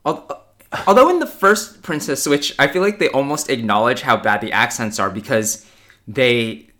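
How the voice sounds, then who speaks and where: A man co-hosting a podcast in casual chat, measured and analytical. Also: medium pitch, lively intonation, sharp tone. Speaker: podcast co-host.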